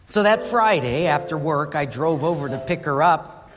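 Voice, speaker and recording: A man's voice: a little high, expressive, moderate pace. A man preaching a sermon, telling stories and asking the congregation questions. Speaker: pastor. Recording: echoey hall with faint noise.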